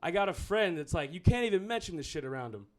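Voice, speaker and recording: A man's voice: high-pitched, big pitch swings, fast talker. Profane, rambling stand-up comic man. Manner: profane, rambling and self-mocking. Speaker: stand-up comedian. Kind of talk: stand-up comedy set.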